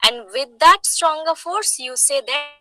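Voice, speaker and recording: Slow, bright-voiced Indian English teacher. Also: female voice, high voice, dry recording, low-quality recording. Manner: explains slowly, repeats points, asks the class questions. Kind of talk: online lecture.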